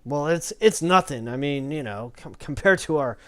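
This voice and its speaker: A man's voice: a little high, expressive, normal speed, a bit bright. A man voicing a nosy male acolyte guard on night shift who questions and teases a newcomer. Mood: teasing. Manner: teasing, suspicious questioning.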